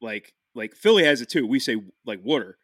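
A man from the Philadelphia area telling stories on a podcast, animated, laughing often and restarting his sentences. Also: mid-range voice, a little fast, dry recording, studio quality. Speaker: podcast host. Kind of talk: casual podcast chat.

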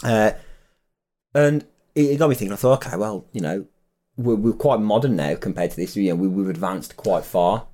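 A man's voice: fairly low pitch, moderate pace, dark tone. A young man, podcast co-host, chatting casually and telling anecdotes in an easygoing way, laughing as he goes. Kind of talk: casual chat and storytelling.

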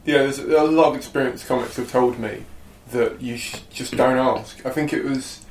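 A man's voice: medium pitch, darkish tone, slight background noise. Chatty young man in an echoey room. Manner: chatty, quick, self-interrupting. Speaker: comedian host. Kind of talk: casual conversation.

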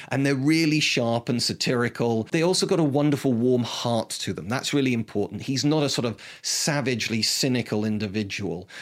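A man talking casually and enthusiastically about films, rambling with frequent restarts. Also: medium pitch. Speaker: film reviewer. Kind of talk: casual film talk.

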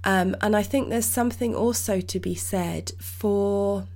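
A woman hosting her own podcast, talking alone in a reassuring, rambling way with restarts, her voice croaky. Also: mid-range voice, a little slow, a little mellow. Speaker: podcast host and medium teacher. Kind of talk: solo podcast talk.

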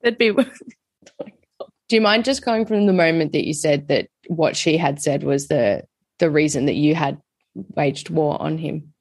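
Indignant woman host, slightly low pitch, dry close sound, emphatic interview manner. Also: a little slow, a little mellow, dry recording. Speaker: podcast host. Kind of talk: casual interview conversation.

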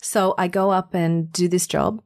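A woman with an Australian accent, a voiceover artist and singer, telling a story as a guest in an interview, animated and laughing as she acts out quotes. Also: lowish voice, moderate pace, gravelly. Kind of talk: conversational storytelling.

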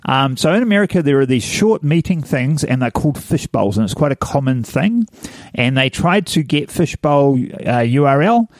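A man's voice: medium pitch, very animated, normal speed, no echo, clean studio sound. A man, co-hosting a podcast, explaining things in a matter-of-fact casual chat. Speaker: podcast co-host.

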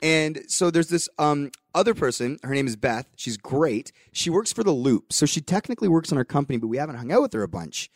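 Dry-sounding man telling a lively story. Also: on the high side, fairly quick, hardly any pauses, no room sound. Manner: animated anecdote-telling with voiced quotes and some swearing. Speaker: podcast host. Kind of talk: casual storytelling chat.

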